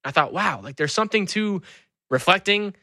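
A man's voice: high-pitched, normal speed, vocal fry, dry recording, clean studio sound. A man who is an author and school speaker, telling stories animatedly as an interview guest. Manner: animated storyteller. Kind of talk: conversational interview.

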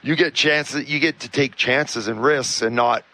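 Ex-player man, animated sports analyst. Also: mid-range voice, a little slow, rough recording. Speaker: former defensive player, analyst. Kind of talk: casual sports talk.

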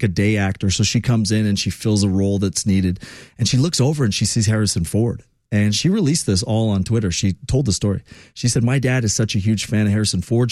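Chatty talk radio host. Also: male voice, mid-range voice, dry recording, clean studio sound. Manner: chatty storyteller, emphatic and animated. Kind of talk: casual talk radio monologue.

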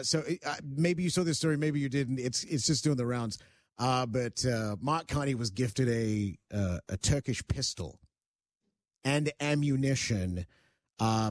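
A man's voice: mid-range voice, no room sound. A man hosting a talk show, rambling and opinionated in casual chat, with many fillers. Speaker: host.

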